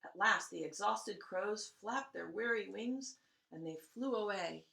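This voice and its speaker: Woman storyteller, gentle bedtime read; slow, bright, roomy echo. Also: medium pitch, gravelly. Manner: expressive, drops to hushed tones.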